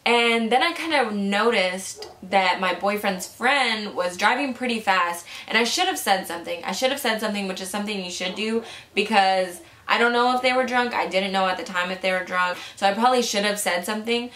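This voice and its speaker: A woman's voice: medium pitch, brisk, fairly bright tone. A young adult woman vlogger telling a story in a casual, chatty way. She swears freely and fills her sentences with "like". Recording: echoey room.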